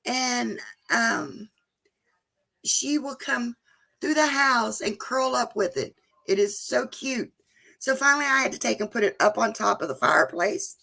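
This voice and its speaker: A woman's voice: fairly high pitch, a little slow, gravelly, pushed and bright. A woman, chatting casually and emotionally with viewers during a live stream. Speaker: vlogger hosting a live chat.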